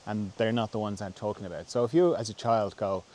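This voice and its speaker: A man answering a viewer's question in a gentle, reflective talk. He thinks aloud with pauses and restarts. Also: fairly low pitch, fairly even intonation, a little hiss or hum. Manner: softly acts out quoted voices, dropping to a whisper. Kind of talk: reflective spoken talk on self-help.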